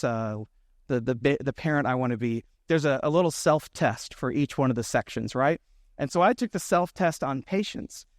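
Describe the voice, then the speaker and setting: A man's voice: fairly high pitch, no room sound, studio quality. A man in his thirties, a pastor giving a conversational sermon, telling stories with asides to the congregation.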